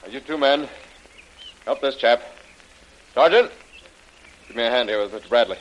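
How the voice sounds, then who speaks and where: An actor playing a brisk rescue officer, commanding yet reassuring, in a muffled old radio drama. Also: male voice, mid-range voice, lively intonation, noisy background, lightly acted. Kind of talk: 1930s radio drama acting.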